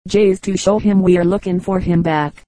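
A woman's voice: fairly low pitch, moderate pace, no echo, natural voice. A woman reading the lines of a poor mountain boy in a listless, passionless storybook voice. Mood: wistful. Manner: listless, flat, lifeless delivery.

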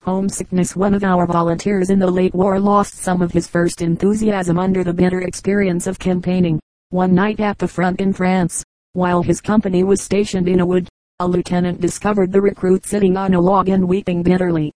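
Calm woman reading funny anecdotes. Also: on the low side, no echo, rough recording. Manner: even, measured reading. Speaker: audiobook reader. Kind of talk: scripted narration of humorous anecdotes.

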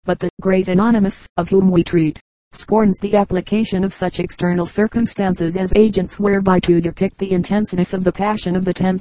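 A woman reading a humorous essay aloud as an audiobook narrator, with a measured, mock-grand delivery. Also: lowish voice, mellow, dry recording, rough recording. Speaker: audiobook reader.

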